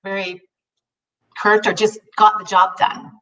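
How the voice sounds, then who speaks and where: With a level tone and measured pace, this talk show co-host, a middle-aged woman, recounts something personal with sincere feeling and many restarts. Her medium-pitched voice is a bit bright and slightly far from the microphone.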